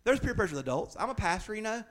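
His voice sits high and sing-song, and he races along. He's a middle-aged pastor giving a conversational sermon, full of humor and sudden loud emphasis as he pushes his points hard.

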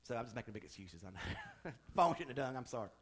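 A man's voice: mid-range voice, sing-song, fast talker, husky. A male pastor delivering a sermon, moving from chatty, joking asides to fervent, emphatic preaching.

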